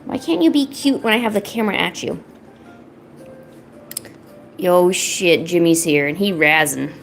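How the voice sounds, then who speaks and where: A woman's voice: lowish voice, animated, a little slow, creaky, faint music behind. Playful woman cooing at her cats. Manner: teasing, chatty, laid-back. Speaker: art streamer. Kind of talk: casual chat while painting. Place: at home.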